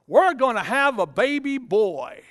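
A man acting out the elderly Abraham, excitedly telling his wife the news in an affectionate tone, within a sermon. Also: extremely high pitch, measured pace, pitched above the performer's own voice, full character voice. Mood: eager.

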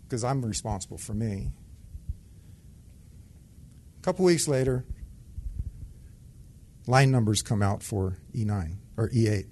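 A retired Air Force sergeant telling a personal testimony in a conversational way and acting out the dialogue. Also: male voice, medium pitch, a little mellow, slight background noise. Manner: conversational storytelling that acts out dialogue.

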